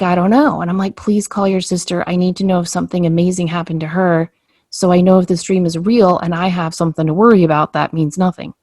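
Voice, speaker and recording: A woman with a lowish voice tells a personal story in a relaxed podcast chat, animatedly acting out the quoted dialogue as she goes. The studio-quality recording has no echo.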